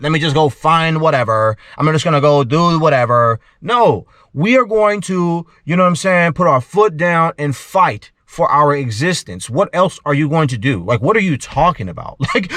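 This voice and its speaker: A man hosting a commentary show, talking in a preachy monologue and often clearing his throat. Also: on the high side, a bit bright, no room sound, studio quality.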